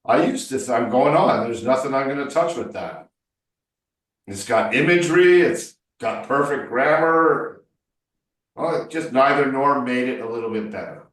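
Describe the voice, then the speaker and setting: A man's voice: mid-range voice, animated, moderate pace, fairly bright tone. Emphatic male coach in a roomy echo. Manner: emphatic, corrective, playful. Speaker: English speaking coach. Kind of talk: one-on-one tutoring session. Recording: roomy echo, distant mic.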